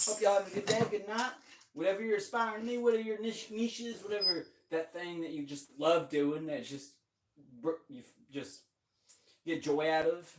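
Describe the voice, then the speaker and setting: A young man chatting casually while practicing drums, rambling and cheering himself on with casual swearing. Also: on the high side. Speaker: drummer streaming practice. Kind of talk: casual practice-session chat. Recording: roomy, distant mic, faint noise.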